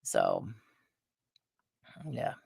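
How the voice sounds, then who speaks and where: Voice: very slow, darkish tone, no echo. Middle-aged vlogger, chatty and meandering, dry close sound. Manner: meandering, chatty, lots of fillers and restarts. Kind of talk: casual rambling chat.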